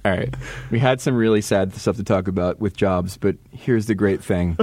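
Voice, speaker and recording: A man's voice: lowish voice, moderate pace, dry recording. A man co-hosting a podcast, telling rambling jokey stories in casual chat. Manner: jokey, rambling storyteller with animated impressions. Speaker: podcast co-host.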